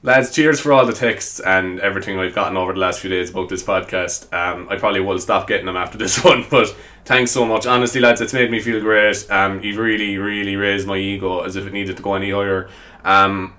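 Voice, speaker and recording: A man rambles through a solo podcast, chatting away about whatever pops into his head. He mocks himself, swears freely and keeps calling his listeners lads. His voice sits fairly low for a man. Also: fairly even intonation, brisk, pushed and bright. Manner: self-mocking, chatty, swears casually. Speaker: podcast host.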